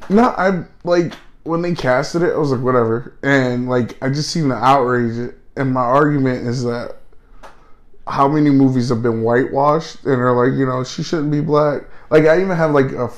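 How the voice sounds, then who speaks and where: A man co-hosting a casual podcast in a laid-back way. He tells stories with laughs and the odd curse. His voice sits at an ordinary pitch. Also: normal speed. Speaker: podcast co-host. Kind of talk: casual chat.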